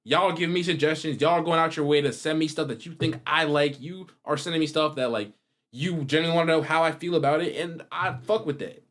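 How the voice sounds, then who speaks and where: A man's voice: fairly high pitch, quick pace. A young man hosting a reaction video, talking casually to his viewers in a rambling, slangy way. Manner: rambling, slangy, animated with wide swings in loudness.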